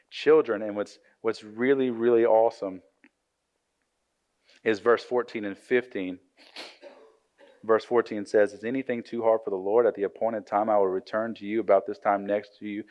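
A man in mid-range pitch gives a relaxed, joking sermon, retelling scripture like a chat with friends. He restarts his sentences often. The recording sounds slightly dull and lo-fi. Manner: conversational, joking, frequent restarts. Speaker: preacher.

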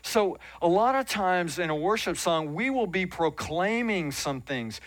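A pastor delivers a sermon in a church, his voice pitched a little high for a man. He talks in an earnest, conversational way and drops in self-deprecating asides. The sound is close and dry. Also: animated, measured pace, fairly bright tone, no room sound. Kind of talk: sermon teaching. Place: church sanctuary.

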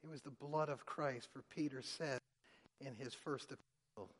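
A man preaching a sermon, dramatically acting out the quoted lines with big swings in loudness. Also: mid-range voice, fairly even intonation, moderate pace, husky. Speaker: pastor. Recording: long hall reverb.

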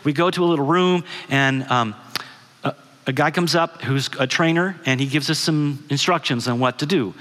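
Middle aged guy preaching, bright voice a bit high, chatty storytelling, big echoey hall. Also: moderate pace. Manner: conversational storyteller, asks the audience questions. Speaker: guest speaker. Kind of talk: sermon with personal story. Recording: long hall reverb.

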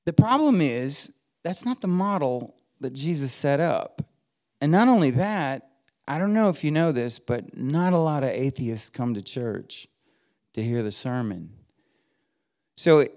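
A man's voice: fairly high pitch, sing-song, unhurried, a little mellow. A middle-aged man preaching a sermon in a church as a guest preacher, folksy and humorous, rising to emphatic exhortation. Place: church sanctuary.

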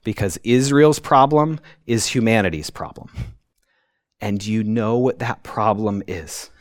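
A male pastor giving a conversational sermon, often checking in with "right?" and acting out quotes with sudden high outbursts. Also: a little slow, no echo, clean studio sound. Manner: conversational preaching, tags points with "right?".

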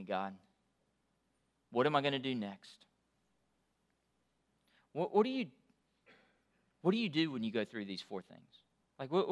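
A pastor preaching a sermon in a conversational way that swells to loud, emphatic peaks. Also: male voice, on the high side.

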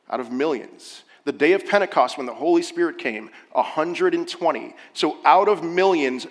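Guy pastor preaching, earnest and urgent, slightly high voice, big echoey church sound. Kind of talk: sermon. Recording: long hall reverb.

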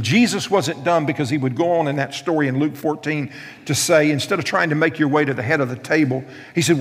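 A male pastor preaching in a big hall with a long, ringing echo. His voice is gravelly with a rough edge, and it sits at an ordinary middle pitch. He tells light, funny stories and repeats his main points for emphasis. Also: fairly bright tone. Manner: storytelling with humor, repeats key lines. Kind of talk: sermon.

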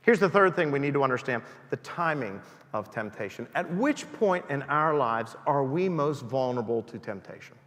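A man's voice: medium pitch, big pitch swings, normal speed, fairly bright tone, long reverb tail. A man preaching a sermon in a church, emphatic and rising and falling for emphasis.

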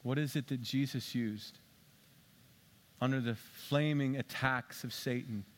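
A man's voice: mid-range voice, fairly even intonation, a little slow, a little hiss or hum. A male pastor delivering a sermon in a conversational way, asking the congregation rhetorical questions and slipping in dry, sarcastic asides.

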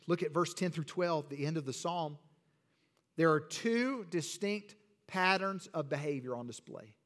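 A man's voice: on the high side, big-room sound. A man preaching a sermon as pastor, building fervor and throwing in casual asides. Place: church sanctuary.

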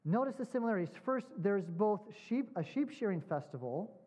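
A man preaching a sermon. He asks his congregation questions, repeats points with emphasis and slows down on key words. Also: sits high, sing-song, dark tone. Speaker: pastor. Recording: dull lo-fi sound.

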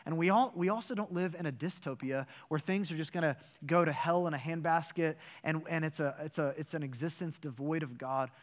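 A man, a pastor, delivering a sermon with animated, emphatic storytelling and rhetorical questions. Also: fairly high pitch, a little fast, hardly any pauses.

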